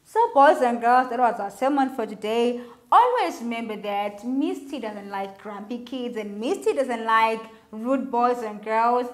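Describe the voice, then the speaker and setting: A woman giving a children's sermon, speaking in an animated, sing-song way straight to the boys and girls. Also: on the high side, a little slow. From Zimbabwe.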